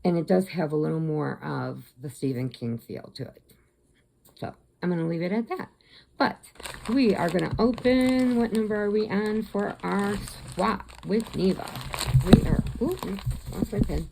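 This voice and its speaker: A woman's voice: fairly low pitch, measured pace, vocal fry, mellow. A woman crochet vlogger chatting to camera at home, retelling a story in a rambling, chatty way with restarts.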